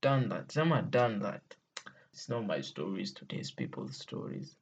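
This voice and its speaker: Here the Kenyan vlogger's voice is deep, gravelly and slightly rough, swinging widely in pitch at a measured pace on lo-fi sound. Telling stories to viewers, they exclaim playfully, laugh often and slip Swahili slang into English.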